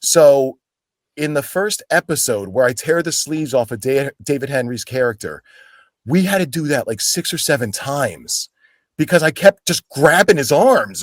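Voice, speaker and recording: A man's voice: a little high, expressive, moderate pace, no room sound, studio quality. A man from Pennsylvania, an actor as a guest, telling stories in a casual interview and acting out quoted lines in voices.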